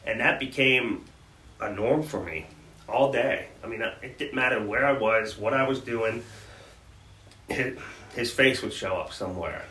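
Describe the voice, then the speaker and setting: A man's voice: medium pitch, a little slow, pushed and bright. A man in conversation on a podcast, earnestly recounting hard memories with frequent restarts. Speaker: podcast co-host. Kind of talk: personal storytelling in conversation. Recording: roomy sound from a distant mic with faint background noise.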